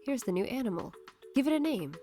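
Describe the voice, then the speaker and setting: A woman's voice: fairly high pitch, very animated, fast, over music, voice pushed up. A woman voicing a male farmer friend in a farming game. His voice and accent shift around within a single sentence. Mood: matter-of-fact. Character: gruff male farmer friend handing over a bull.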